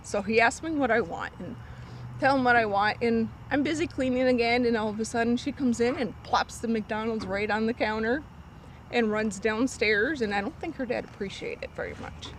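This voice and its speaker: A woman telling a story from her cleaning job in casual talk, acting out a little girl's lines in a high voice. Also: moderate pace, low-quality recording. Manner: animated, acts out a child's lines in a high voice. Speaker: storyteller guest on a vlog. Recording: faint street noise.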